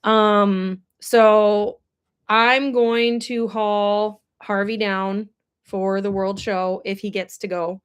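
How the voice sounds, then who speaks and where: A woman's voice: mid-range voice, level tone, very slow, smooth. A woman running a casual livestream about her horses, emotional and teary at times, chatting with viewers and answering their comments. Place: indoors with air blowing.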